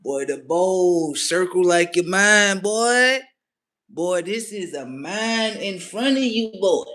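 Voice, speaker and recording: A man voicing a mystic man who lectures a boy in a slow, preachy way, repeating himself. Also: sits high, lively intonation, fairly bright tone, voice pushed up, full character voice.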